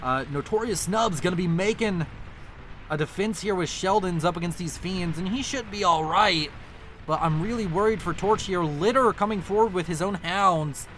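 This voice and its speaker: High-voiced man casting a strategy game. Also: normal speed, a bit bright, slight background noise. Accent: non-local accent, unnamed. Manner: chatty, self-correcting, apologetic about slips. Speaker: game caster. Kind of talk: real-time strategy match commentary.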